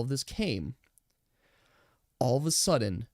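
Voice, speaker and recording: A game master narrating a tabletop role-playing game in slow, drawn-out descriptions that sometimes drop to a hush. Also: medium pitch, big pitch swings, no room sound, clean studio sound.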